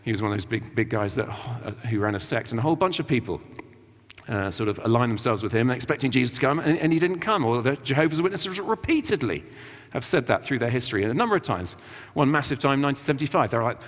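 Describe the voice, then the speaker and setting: A man's voice: mid-range voice, animated, fast. A man from England giving an informal, chatty sermon, full of slang and acted-out quotes. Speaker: visiting preacher. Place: church. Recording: long church reverb.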